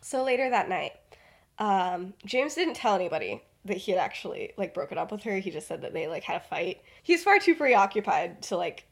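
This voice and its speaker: A woman's voice: medium pitch, very animated, brisk, vocal fry. A young woman hosting a podcast, retelling a story in a rambling, casual way full of fillers. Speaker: podcast host.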